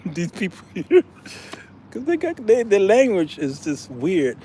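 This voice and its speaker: Slow-talking American man vlogging outdoors. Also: fairly high pitch, slight background noise. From United States. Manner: animated, laughing, addresses viewers as y'all. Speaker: vlogger, show host. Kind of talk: casual travel vlog storytelling.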